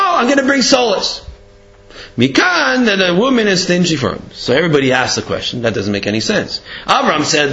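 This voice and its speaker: A man teaching a religious text lesson in an animated way, acting out quotes and often restarting sentences. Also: high voice. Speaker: Torah teacher. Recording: dull lo-fi recording.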